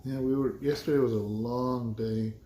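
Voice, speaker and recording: A man pastor chatting in a relaxed, joking way with his church's online viewers from home. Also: mid-range voice, moderate pace, reverberant, slight background noise. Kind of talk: casual chat with viewers. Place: home room.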